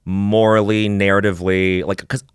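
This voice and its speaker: A man co-hosting a podcast in casual chat, excitable and quick to laugh, with halting restarts. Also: on the low side, smooth, no room sound, clean studio sound. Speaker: podcast co-host. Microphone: studio microphone.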